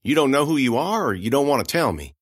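A man's voice: medium pitch, sing-song, fast talker, no echo, clean studio sound, pitched above the performer's own voice. A man voicing a plainspoken, stubborn but kind young farm woman who talks in a folksy, reassuring way. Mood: patient.

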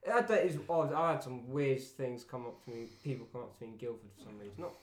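A young man chatting casually with friends, lively and teasing, sometimes trailing off into mumbles. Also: medium pitch, fast talker. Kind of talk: casual chat. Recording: echoey room with clear noise.

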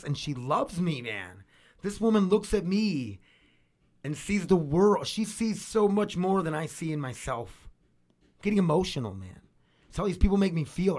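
A man talking casually at home in a rambling way, swearing freely, with a washer running nearby. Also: medium pitch. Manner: rambling, swears freely, repeats words and restarts. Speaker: vlogger. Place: home room with laundry machine running.

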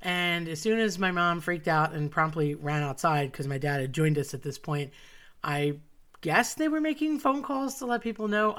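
A woman telling a personal story with wry, self-mocking asides. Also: low voice. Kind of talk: personal story told to an audience.

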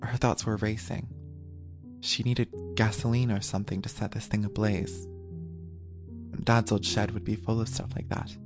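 Man, horror story narrator, monotone, steady pace, strong background music. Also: lowish voice, normal speed. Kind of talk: scripted audio drama narration. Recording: music playing under the voice.

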